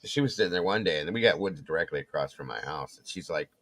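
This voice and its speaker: Here the co-host's voice is a low rumble and he moves quickly. He is an animated storyteller in casual talk, performing the voices of everyone he quotes.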